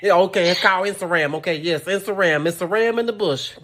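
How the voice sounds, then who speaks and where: A man's voice: sits high, fast, background noise, lightly acted. A man doing an impression of a brash, sassy older Southern grandmother, bossy and drawling on a comic phone call. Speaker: prank caller.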